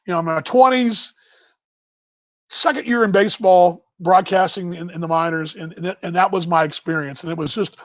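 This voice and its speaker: A man's voice: high voice, dry recording. A middle-aged man, a former baseball broadcaster, telling a casual story full of fillers and self-corrections. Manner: rambling, self-correcting anecdote with many fillers. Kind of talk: casual storytelling on a live stream. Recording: dull, lo-fi, dry.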